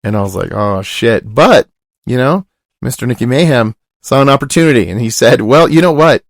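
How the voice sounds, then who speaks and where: A man's voice: mid-range voice, lively intonation, fairly quick, gravelly, no echo, clean studio sound. A young man telling a long rambling story on a podcast, swearing often and dropping his voice to quote other people. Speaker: podcast host. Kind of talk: casual storytelling.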